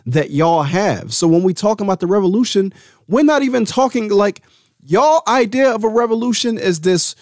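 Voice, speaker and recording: A man hosting a solo podcast, giving a heated, profane and confrontational rant that now and then drops to a low, calm voice. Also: moderate pace, dry recording, studio quality. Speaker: host.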